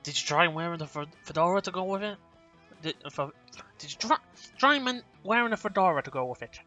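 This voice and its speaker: Brief: male reader doing a cocky game counselor with a put-on accent, pitched up, bright and tense. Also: animated, fairly quick, soft background music. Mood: confident. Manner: puts on an accent, stumbling over words. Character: self-proclaimed male master of disguise, camp counselor.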